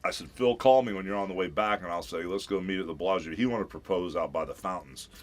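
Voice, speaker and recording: A man in his fifties, a celebrity guest on a radio show, telling a lively story and acting out what people said, calling everyone brother. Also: low voice, fast talker, a little hiss or hum. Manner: animated storyteller who acts out quotes, calls people brother. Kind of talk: casual radio interview storytelling.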